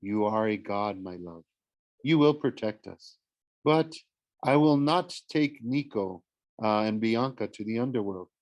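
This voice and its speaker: A man reading aloud, voicing a calm, elegant mother with an Italian accent who speaks softly and low. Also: unhurried, dry recording. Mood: calm firm.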